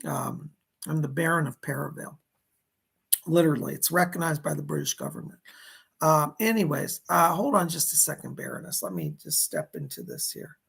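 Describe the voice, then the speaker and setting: Hoarse guy doing live psychic readings, raspy breathy voice, keeps going "he said" over and over. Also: fairly high pitch, wildly swooping pitch, fairly bright tone. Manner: relays spirit messages in rapid "he said" quotes. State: hoarse, voice giving out. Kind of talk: livestream readings, casual and excitable.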